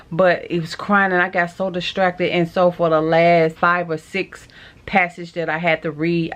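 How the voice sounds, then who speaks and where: A middle-aged woman telling a story in a casual vlog, chatty and tearful, talking straight to her viewers. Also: deep voice. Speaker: vlogger.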